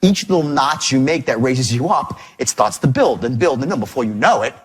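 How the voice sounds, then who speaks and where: A man telling a story as a sales trainer in a motivational seminar, talking in an animated, profane way with lots of emphatic repetition. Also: medium pitch, brisk, husky.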